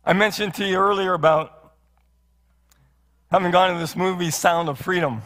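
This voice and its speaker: A man's voice: sits high, fairly even intonation, moderate pace, fairly bright tone. A male pastor preaching a sermon in a church, earnest, with many rhetorical questions and repeated phrases. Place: church sanctuary. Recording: long hall reverb.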